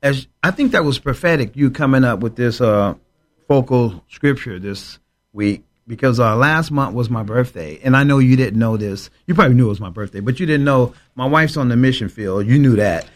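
A man, a pastor co-hosting a religious broadcast, reading out scripture line by line and answering each with a single word. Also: mid-range voice. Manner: exclamatory, measured reading of verse pairs. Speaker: pastor, co-host.

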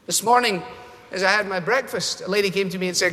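A man preaching a sermon, telling stories in an animated way and changing his voice for the people he quotes. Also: fairly quick. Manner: storytelling, animated, shifts pitch for quoted voices. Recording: long hall reverb.

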